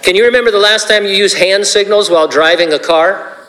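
A man's voice: sits high, brisk, fairly bright tone, big-room sound, poor audio. A man preaching a sermon as pastor, conversational and joking, with asides to his congregation.

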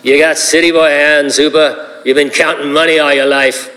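A man putting on an attempted Irish accent to play a gruff older male shark hunter from a film, drawling his words, heard with long hall reverb. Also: on the high side, level tone, moderate pace, pushed and bright. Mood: taunting.

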